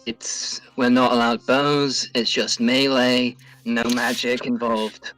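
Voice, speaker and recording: A man playing in a tabletop role-playing game, talking slowly and hesitantly as he decides what his character does. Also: mid-range voice, flat delivery, a bit bright, faint music behind, rough recording. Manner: slow, hesitant, in-character decisions. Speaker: player.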